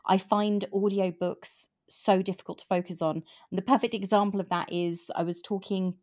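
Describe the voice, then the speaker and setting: A woman in her fifties hosting a casual book chat, animated and rambling, laughing often. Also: mid-range voice, moderate pace. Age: 50s. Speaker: podcast host.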